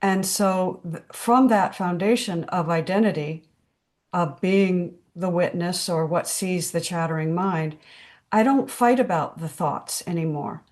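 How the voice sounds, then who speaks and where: Woman host, low voice, slow and measured, video call. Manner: calm, measured, repeating key phrases. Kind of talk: spiritual group discussion.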